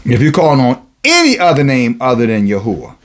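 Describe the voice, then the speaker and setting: A man's voice: mid-range voice, huge pitch swings, brisk. A man preaching a sermon, reading and explaining scripture with emphatic, sarcastic asides.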